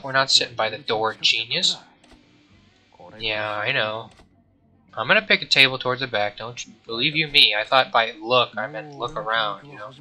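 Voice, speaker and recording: A man's voice: medium pitch, pushed and bright, poor audio. A young man casually commenting while playing a game, rambling and joking, often mumbling and trailing off. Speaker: gameplay streamer.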